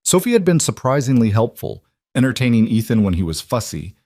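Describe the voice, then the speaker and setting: A man reading a drama story aloud in a steady, even narration. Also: mid-range voice, a little fast, no echo, studio quality.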